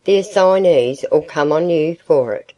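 A woman narrator voices a steady, practical older gentleman who speaks gently but firmly in a low, dark tone. He weighs matters calmly in this period storybook reading. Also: unhurried, rough recording. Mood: gentle reasoning. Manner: gentle, reasoning.

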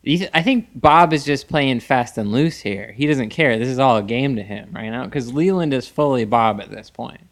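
A man's voice: mid-range voice, moderate pace, hardly any pauses. A man co-hosting a podcast, recapping a TV episode in laid-back casual chat and laughing often. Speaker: podcast co-host.

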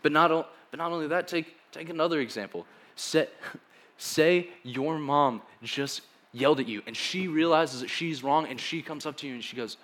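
A man's voice: on the high side, normal speed, fairly bright tone, slight background noise. Casual young man preaching a sermon. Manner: casual, joking, acts out quoted dialogue.

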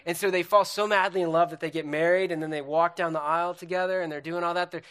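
Guy preaching in church, fairly high voice, super animated, keeps going "and, and" and restarting sentences. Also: quick pace, smooth. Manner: animated, repetitive, stumbling restarts. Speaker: pastor. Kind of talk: sermon with a puppet illustration.

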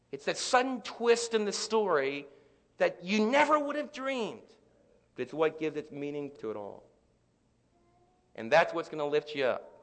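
A male pastor with a slightly high voice delivers a sermon to his congregation. His preaching builds to loud emphatic peaks and falls back to quiet, and it rings with long reverb from a large church sanctuary. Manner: dynamic preaching, rising to loud peaks then dropping soft.

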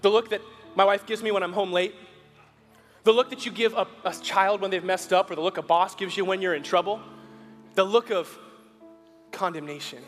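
Man, pastor, sermon, high voice, hushed to forceful, long hall echo. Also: fairly even intonation, soft background music. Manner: shifts between hushed, slow storytelling and rising, forceful appeals; acts out the Bible characters' lines in a casual, buddy-like voice.

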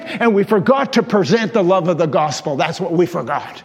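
With a high, expressive voice and a brisk delivery, this man in his 60s preaches as a pastor. He tells folksy, self-deprecating stories and chuckles at them himself, all echoing in the long reverb of a large church hall.

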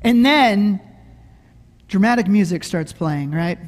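A man's voice: high voice, expressive, slow. A middle-aged man preaching a sermon, telling a funny story in a conversational way and often asking "right?". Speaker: pastor. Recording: echoey hall.

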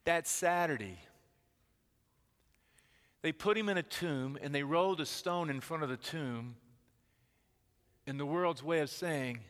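A man preaching a sermon as pastor, swinging between soaring lines and hushed, dramatic pauses. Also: fairly high pitch, long reverb tail.

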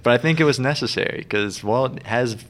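A man's voice: medium pitch, fairly quick. A man co-hosting a podcast, chatting casually about a TV episode and laughing often. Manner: laughs often, relaxed banter. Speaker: podcast co-host. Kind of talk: casual chat.

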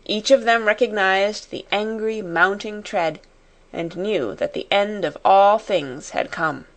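A woman narrating an audiobook at a middling pitch. She reads in a steady, measured way, letting the story carry itself. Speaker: audiobook reader. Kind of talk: scripted narration.

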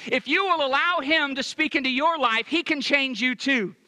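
A man's voice: extremely high pitch, normal speed, pushed and bright, dry recording. A male pastor preaching a sermon with emphasis, repeating his key phrases.

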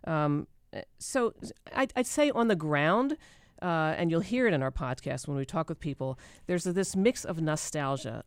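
Smooth-voiced podcast co-host. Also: mid-range voice, normal speed, dry recording. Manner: animated, explanatory. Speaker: public radio podcast co-host. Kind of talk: radio interview answers.

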